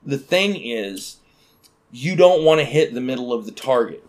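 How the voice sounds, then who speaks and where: A man telling a story in casual chat, acting out quotes with sudden loud outbursts. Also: mid-range voice, lively intonation, normal speed.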